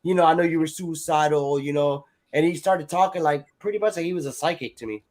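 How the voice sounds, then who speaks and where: A man with a slightly high, somewhat mellow voice talks fast as he tells a personal story in casual chat. He rambles, swears freely, leans on "like" and "you know," and acts out other people's lines.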